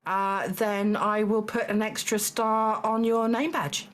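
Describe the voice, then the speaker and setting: A woman's voice: medium pitch, little pitch movement, slow. A woman hosting a live charity game show stream, dry and teasing, with frequent ums and restarts.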